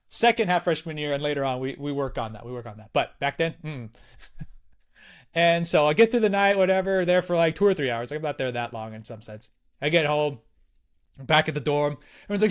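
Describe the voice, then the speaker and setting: Young guy telling a story, swears a lot, jumps up high doing other people's voices. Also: a little fast. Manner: animated, swears freely, acts out others' lines in a raised voice. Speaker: podcast guest. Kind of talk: casual storytelling chat.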